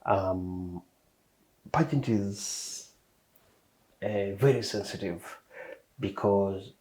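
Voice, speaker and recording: A middle-aged man hosting a podcast interview, asking long, measured questions full of ums and uhs. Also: lowish voice, a little mellow, rough recording. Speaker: podcast host.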